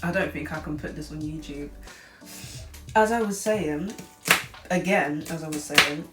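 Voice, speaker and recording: A woman's voice: low-pitched, a little slow. A young woman in her late teens, chatting casually through a cooking vlog in a rambling way, filling her talk with "like". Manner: chatty and rambling, heavy use of "like". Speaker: cooking vlogger. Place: home kitchen, seated at the counter. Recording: echoey room, far from mic, music behind.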